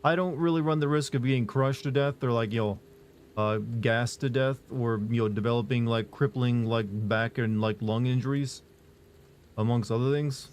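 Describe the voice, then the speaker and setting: This streamer answers his live chat at an ordinary pace, speaking in a level, monotone voice of middle pitch. He wanders off track, using fillers and starting sentences over, and a slight hiss or hum can be heard.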